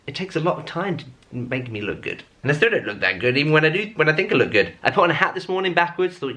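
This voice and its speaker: Guy in his 30s rambling at home to his camera, bright punchy voice, lots of ums. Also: mid-range voice, sing-song, fast. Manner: rambling, self-mocking, chatty with many fillers. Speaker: vlogger. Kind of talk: casual chat to camera.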